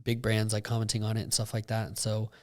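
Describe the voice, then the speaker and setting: A young man co-hosting a casual podcast, talking in a rambling way with lots of fillers and getting animated when he retells a story. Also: fairly low pitch, fast talker. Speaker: podcast co-host. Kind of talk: casual chat.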